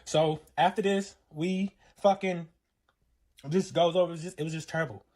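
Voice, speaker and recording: A man's voice: a little high, fairly even intonation, normal speed, a little mellow. A man casually telling a personal relationship story, rambling and profane, acting out other people's lines along the way. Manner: profane, rambling retelling full of fillers and acted-out quotes.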